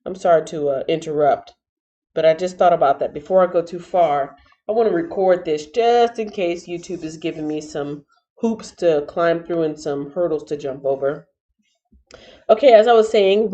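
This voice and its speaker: A playful, chatty woman from Texas reads the Bible live and greets her viewers by name. Her voice sits a little low. It comes through a dull, lo-fi laptop microphone in a room at home. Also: warm tone. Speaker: Bible reading live-streamer. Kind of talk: casual live-stream Bible reading. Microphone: laptop mic.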